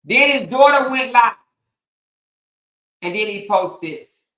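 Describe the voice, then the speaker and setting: A woman's voice: on the high side, expressive, takes it slowly, a bit bright, reverberant, poor audio. A woman hosting her own show, delivering a heated commentary rant with blunt, profane language and repeated points for emphasis. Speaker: commentary host.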